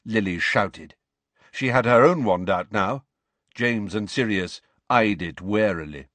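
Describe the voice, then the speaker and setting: Slow, expressive male audiobook narrator. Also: lowish voice, no echo. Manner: expressive, dramatic.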